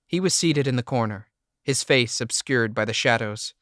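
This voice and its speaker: A man reading a first-person audiobook narration in a steady, measured way. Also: medium pitch, no room sound, studio quality.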